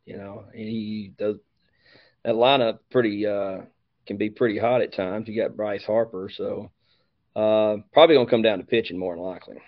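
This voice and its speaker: A man with a low, gravelly voice, answering as a football coach in a halting, repetitive way over a video call. His voice sounds dry and close. The audio is dull and lo-fi. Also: steady tone, no room sound. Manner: halting, leans on "you know" and repeats himself. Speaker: high school football coach. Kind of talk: casual interview answers.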